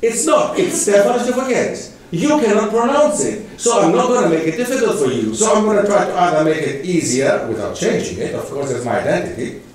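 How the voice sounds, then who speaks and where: Male guest lecturer, high voice, emphatic and questioning, echoey hall mic set back. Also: big pitch swings, fairly quick, far from the mic, crowd noise. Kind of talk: public lecture.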